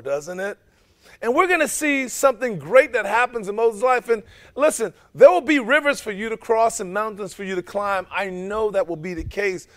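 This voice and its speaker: A man pastor preaching a sermon, emphatic and full of rhetorical questions to the congregation. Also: a little high.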